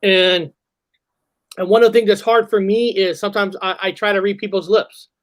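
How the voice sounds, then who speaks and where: Male host, hard of hearing, earnest, halting, lots of restarts. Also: sits high, steady tone, low-quality recording. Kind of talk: casual chat.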